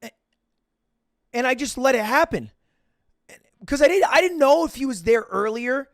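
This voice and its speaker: A man's voice: extremely high pitch, expressive, normal speed, no room sound, clean studio sound. A man streaming, telling a rambling, self-mocking story full of swearing and restarts. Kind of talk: casual storytelling to stream chat.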